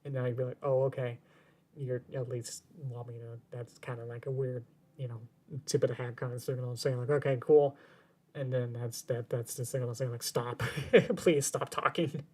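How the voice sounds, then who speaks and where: A man's voice: mid-range voice, flat delivery, brisk, mellow. A man game streamer talking casually on his stream, rambling and circling back, often repeating his words as he goes.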